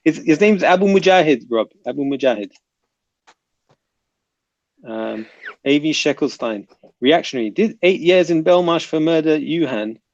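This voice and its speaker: A man with a gravelly, creaky voice hosts a casual livestream panel, reading out chat comments and bantering with guests. The sound is dry and close, with a muffled, lo-fi quality from online call audio. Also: fairly high pitch, expressive, normal speed, long pauses, a little mellow, dry recording.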